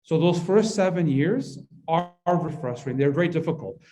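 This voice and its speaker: Leading a parenting workshop in a mosque hall, this man speaks at a normal speed in a mellow, high-ish voice with lively intonation. The session is interactive and conversational, and he often checks in with listeners by asking "right?"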